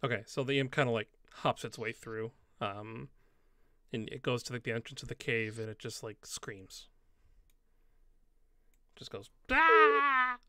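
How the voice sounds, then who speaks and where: Rambling game master, dry sound. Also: male voice, mid-range voice, steady tone, measured pace, long pauses, fairly bright tone, no echo. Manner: loose, rambling narration full of fillers. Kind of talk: narrating a tabletop game.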